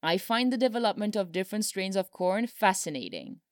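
A woman's voice: medium pitch, big pitch swings, fairly quick, dry recording, voice pushed up, close to an everyday voice. A woman voicing a dry-humored older male president, speaking solemnly with a wry edge, in a storybook reading.

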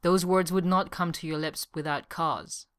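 A woman voicing a quiet, brooding grown man with a hoarse voice who speaks slowly and softly. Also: fairly low pitch, steady tone, natural voice. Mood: subdued. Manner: slow, quiet and subdued. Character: adult man, quiet and brooding, wounded soldier.

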